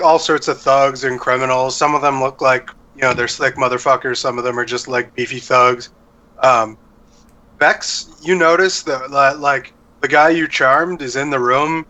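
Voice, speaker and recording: A man's voice: medium pitch, pushed and bright. A young man narrating as dungeon master in a loose, rambling way, full of fillers. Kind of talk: narrating a tabletop game. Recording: dull lo-fi sound.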